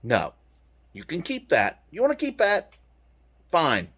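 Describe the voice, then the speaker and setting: A man's voice: a little high, wildly swooping pitch, slow pace, sharp tone. A man from the United States, ranting to his viewers in a heated, profane way from inside his truck. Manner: swearing, heated, punchy. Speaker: vlogger talking to his viewers. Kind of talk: profane angry rant.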